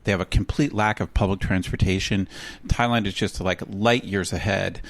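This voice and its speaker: A man's voice: sits low, steady tone, normal speed. An American man in his forties co-hosting a podcast, reading promos with dry humor in a casual chat. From United States. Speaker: podcast co-host.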